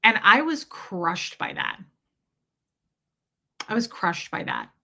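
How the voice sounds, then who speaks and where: A woman frankly telling a painful personal story, uneasy and halting at times, with some swearing. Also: mid-range voice, lively intonation, bright, forceful tone. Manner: uneasy, halting and self-correcting.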